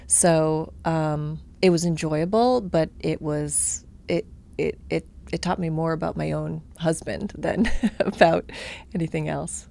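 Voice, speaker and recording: A woman guest speaks in a thoughtful, measured way. Her voice sits on the low side and carries a lot of vocal fry. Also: fairly even intonation, mellow. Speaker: guest writer. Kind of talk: interview conversation.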